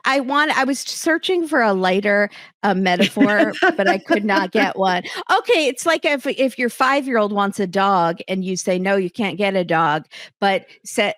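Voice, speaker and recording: Chatty woman host recapping TV, animated retelling, middle pitch, dry booth sound. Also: normal speed, no room sound. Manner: animated, acts out quotes in bright higher voices. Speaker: podcast host. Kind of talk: casual chat.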